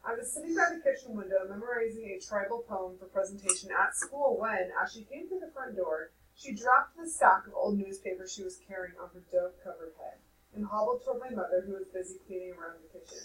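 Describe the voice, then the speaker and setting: A woman teacher reading a novel aloud to her class in a measured, expressive way. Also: mid-range voice, echoey room, recorded from a distance, low-quality recording.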